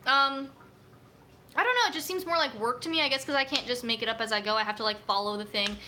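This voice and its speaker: A woman's voice: on the high side, quick pace, bright, forceful tone, slight background noise. A woman hosting a casual livestream from a home filming corner, chatting in a rambling way with lots of fillers. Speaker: nutrition coach hosting a livestream. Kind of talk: casual live chat. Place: home room set up for filming. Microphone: camera on a tripod.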